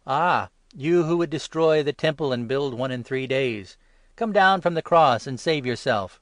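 A man reading aloud and voicing scornful passers-by who taunt loudly. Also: medium pitch, lively intonation, moderate pace, no room sound, clean studio sound, voice pushed up, lightly acted. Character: jeering passers-by, scornful men.

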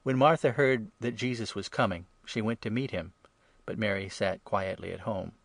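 A man reading scripture aloud in a steady, even narration. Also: on the low side, moderate pace, creaky, no room sound. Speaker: reader.

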